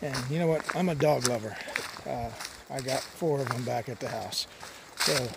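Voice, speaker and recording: Medium-pitched and fryish, a man speaks at normal speed as he hikes a mountain trail for his long-distance hiking vlog. The monologue is loose and easygoing, heavy on "uh" fillers, with trail noise behind his voice.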